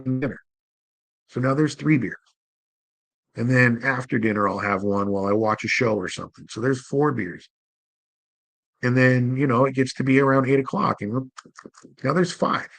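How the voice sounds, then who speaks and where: A man's voice: medium pitch, moderate pace, pauses often, fairly bright tone, dry recording, low-quality recording. A man hosting his own show in a casual solo monologue, rambling and candid, poking fun at himself and swearing casually. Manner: rambling, candid and self-deprecating, full of "you know". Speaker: host.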